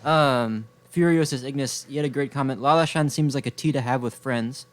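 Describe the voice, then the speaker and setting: A co-host on a live stream, reading out viewer comments in a relaxed, casual way. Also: medium pitch, fairly quick.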